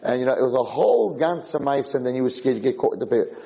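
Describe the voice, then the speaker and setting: A man giving a Torah lecture, telling stories with lively acted-out dialogue and often repeating and restarting his phrases. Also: medium pitch, fast talker, vocal fry, low-quality recording. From United States. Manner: animated storytelling with acted-out dialogue.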